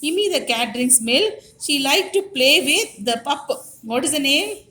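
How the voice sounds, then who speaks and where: This woman's voice is high, animated, pushed and bright, and she keeps a measured pace. As a preschool teacher instructing young children, she coaxes them in a sing-song manner and asks her questions more than once. Faint noise comes through the echoey classroom.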